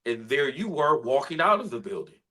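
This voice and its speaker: A man, a spoken word artist, telling an emotional personal story in an earnest, heartfelt way, sometimes soft-spoken. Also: medium pitch, sing-song, brisk, low-quality recording.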